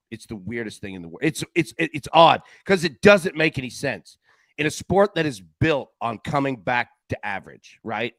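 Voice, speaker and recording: Animated man hosting a betting show. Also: mid-range voice, no echo. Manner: animated, loose and slangy, lots of "man" and "dude". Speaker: sports betting show host. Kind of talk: casual betting show chat.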